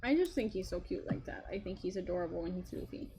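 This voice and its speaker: A young woman co-hosts a game stream, chatting casually and rambling with frequent laughter while playing. Her voice is on the low side, expressive, quick and warm, with noticeable background noise in the recording.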